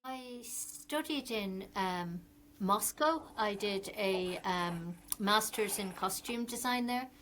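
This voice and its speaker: A middle-aged Irish woman talks in a relaxed, rambling way, stopping often for ums as she tells her stories. Her voice sits in an ordinary middle register. A faint hiss runs behind her. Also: medium pitch, slow. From Ireland. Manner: rambling, chatty storytelling with frequent ums. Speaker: guest, fashion designer. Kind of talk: casual interview chat.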